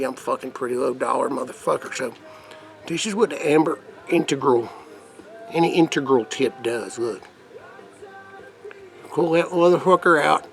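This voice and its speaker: Cussing redneck-act guy showing off vape gear, gravelly voice, faint music behind. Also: on the high side. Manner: profane, crude, rambling; put-on rough redneck persona. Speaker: vape mod reviewer. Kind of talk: casual product demo vlog.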